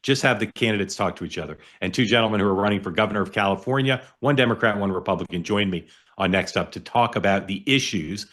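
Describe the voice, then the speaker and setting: Low-voiced man hosting, full of "uh"s. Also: fairly bright tone. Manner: halting, many "uh" fillers. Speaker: host. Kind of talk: show wrap-up and announcements.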